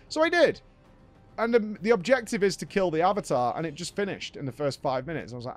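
Animated man recapping a game. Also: fairly high pitch, fast, faint music behind. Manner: animated, rambling, enthusiastic. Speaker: gaming show host.

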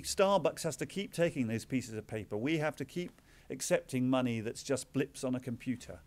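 English man, middle-aged, public lecture, wry asides, mid-pitched voice. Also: darkish tone. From England. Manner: wry, self-deprecating asides. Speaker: author giving a talk.

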